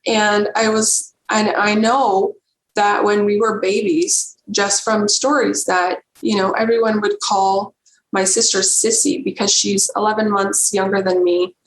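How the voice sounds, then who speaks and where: Woman, podcast guest, earnest emotional storytelling, halting delivery, echoey room, faint noise. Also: medium pitch, flat delivery. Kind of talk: personal storytelling. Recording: roomy echo with faint background noise.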